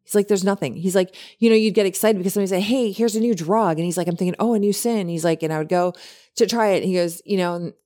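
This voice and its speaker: A woman co-hosting a podcast, chatting casually and retelling a story with many animated quotes. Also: medium pitch, quick pace. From lived in California. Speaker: podcast co-host.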